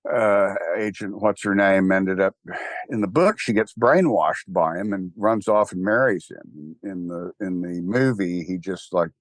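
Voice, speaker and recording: An older man with a Texan accent, an interview guest talking casually in a rambling, animated and wry way. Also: low-pitched, unhurried, no room sound. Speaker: interview guest, church founder.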